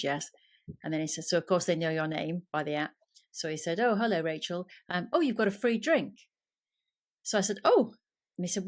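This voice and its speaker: A middle-aged woman hosting a casual interview, chatty and lively, acting out dialogue as she tells stories. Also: on the low side. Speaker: podcast host.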